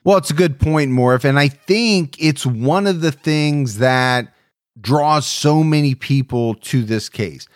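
A man hosting a podcast, talking in an emphatic, animated way. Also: fairly high pitch, slow pace, no room sound, studio quality. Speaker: podcast host. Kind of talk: casual podcast discussion.

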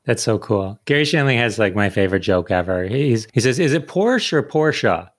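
A man hosts a casual chat in a playful way, laughing often and leaning on fillers. His voice sits fairly low. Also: big pitch swings, a little fast, dry recording, studio quality. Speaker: host.

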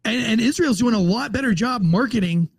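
A man hosting a casual political podcast, telling stories in a profane, rambling, excitable way. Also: very high voice, fairly quick, husky, dry recording. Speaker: podcast host.

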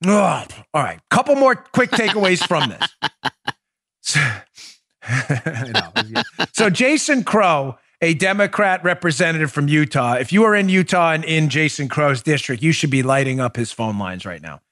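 A man hosting a political podcast, giving animated and sarcastic solo commentary that often slides into mocking asides. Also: fairly high pitch, a little fast, hardly any pauses. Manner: animated, sarcastic, breaks into laughter.

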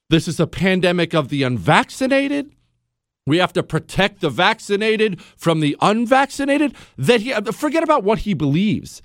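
A man hosting a call-in radio show, indignant and incredulous, swinging from low mutters to loud outbursts into a studio microphone. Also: huge pitch swings, moderate pace, dry recording. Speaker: radio talk show host. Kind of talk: opinionated call-in talk radio.

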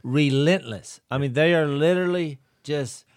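A man's voice: a little high, moderate pace, no echo, clean studio sound. A man co-hosting a faith podcast, telling stories with energy and acting out quotes. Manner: animated storyteller, acts out quotes loudly. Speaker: podcast co-host. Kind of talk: casual podcast chat about scripture.

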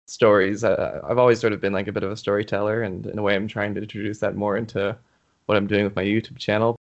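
Soft-spoken thoughtful young man. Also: lowish voice, level tone, quick pace, muffled recording. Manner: thoughtful, hesitant, restarts often, gets emotional. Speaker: interview guest, YouTuber. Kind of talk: casual interview answers.

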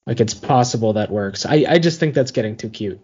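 A man's voice: medium pitch, expressive, fairly quick, a little mellow, husky, lo-fi sound. A man co-hosting a casual sports podcast, laid-back and hedging his points with fillers. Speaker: podcast co-host.

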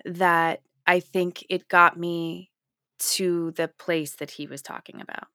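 Low-voiced woman telling stories. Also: slow, no room sound, clean studio sound. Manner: animated storytelling, acts out quotes. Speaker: guest. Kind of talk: casual interview chat.

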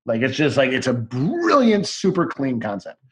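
A man's voice: medium pitch, huge pitch swings, moderate pace. A man as a podcast guest, chatting casually in a rambling, enthusiastic way and swearing now and then.

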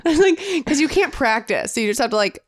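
A young adult woman co-hosting a podcast in casual chat, animated and chatty, sprinkling in lots of "like.". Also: on the high side, fast, dry recording, clean studio sound. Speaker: podcast co-host.

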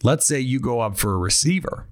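A man's voice: medium pitch, expressive, brisk. A man hosting a sports podcast, talking through draft trade ideas in a loose, conversational way with frequent restarts. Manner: conversational, frequent restarts, quotes imagined team thinking. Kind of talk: casual analysis monologue.

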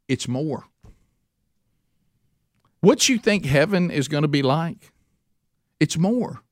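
A man's voice: on the high side, animated, slow pace, pauses often, dry recording, studio quality. Folksy preacher, man. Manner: folksy, conversational, frequent restarts and asides. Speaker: pastor. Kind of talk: sermon.

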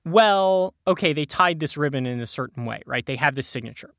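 This tech podcast guest, a man, casually explains encryption with lots of restarts, fillers, and frequent chuckles. His medium-pitched, slightly bright voice moves at normal speed with few pauses, recorded as clean studio sound without room noise.

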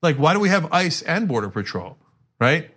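A middle-aged man co-hosting a casual political chat, animated and acting out quotes. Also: on the high side, normal speed. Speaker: co-host.

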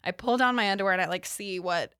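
A young woman telling a funny story in casual podcast chat, animated, with lots of fillers and frequent laughter. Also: mid-range voice, fast, no echo, studio quality. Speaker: podcast guest.

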